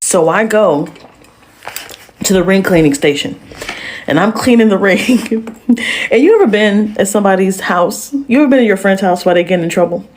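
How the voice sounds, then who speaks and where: A woman telling a personal story in a casual, animated way, full of sassy slang asides. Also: mid-range voice, normal speed, slight background noise.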